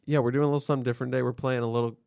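A man's voice: medium pitch, little pitch movement, racing, vocal fry, a little mellow, clean tone, no room sound, clean studio sound. A man co-hosting a podcast, running a quiz segment and teasing his co-hosts. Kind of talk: casual podcast banter.

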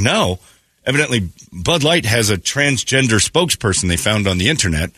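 A man's voice: on the low side, brisk, breathy edge, no room sound, clean studio sound. A male morning radio host with a sore throat, chatting casually and sardonically. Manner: animated, sardonic, often quotes others mockingly. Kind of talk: casual chat, wry storytelling.

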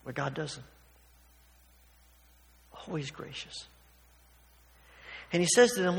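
Male pastor, conversational and emphatic sermon, higher-pitched voice. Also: expressive, slow pace, gravelly, long pauses. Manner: conversational, emphatic, acts out quotes. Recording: long hall reverb.

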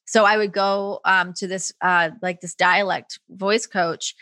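Bright, chatty woman from Toronto. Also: medium pitch, clear, resonant tone, dry recording. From Toronto, Canada. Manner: chatty, quick to laugh, lively storytelling with many fillers. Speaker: interview guest, wrestling broadcaster. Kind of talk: casual interview chat. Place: her home.

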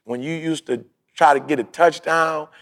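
Co-hosting a podcast, a man with a somewhat high voice tells a story at normal speed in casual chat. He's an animated storyteller who acts out quoted lines and drops street slang like "yo, bro."

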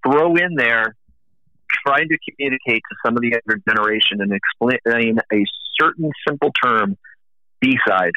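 A middle-aged man talks at length in a loose, rambling storytelling way, circling back through his anecdotes. His voice comes through a dull, slightly lo-fi recording with a flat, dry room sound and no echo, sitting at an everyday medium pitch. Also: moderate pace. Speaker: music industry guest. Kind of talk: casual conversation.

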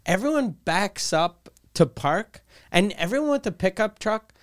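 A man with a high, very lively voice that swings widely in pitch. He talks casually and profanely with a friend, joking and ranting with emphasis. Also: measured pace. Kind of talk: casual crude chat.

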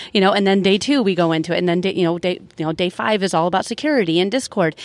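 A woman's voice: fairly low pitch, no room sound. Chatty woman guest explaining things. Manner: chatty, explanatory, with fillers and light laughs. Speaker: podcast guest. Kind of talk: casual conversation at a live event.

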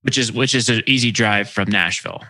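A man hosting a podcast, asking questions in a relaxed way and often restarting phrases. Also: lowish voice, a little fast, dry recording. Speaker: podcast host. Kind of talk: casual interview chat.

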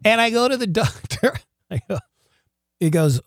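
A man telling a wild story as an interview guest, lively and profane, with lots of stammered restarts and laughter. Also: a little high, moderate pace, no room sound, studio quality. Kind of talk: casual storytelling.

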